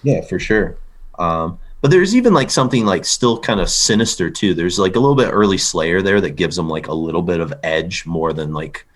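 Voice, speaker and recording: A man's voice: low-pitched, expressive, fairly quick. A man hosting a casual music podcast, talking loosely with many fillers and restarts. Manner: rambling, lots of fillers and restarts. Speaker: podcast host.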